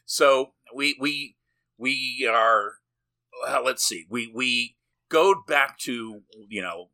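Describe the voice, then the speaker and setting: A man's voice: mid-range voice, slow, vocal fry, pushed and bright. A man co-hosting a podcast, recapping a film in a rambling, jokey way, swearing and laughing often. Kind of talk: casual movie-recap chat.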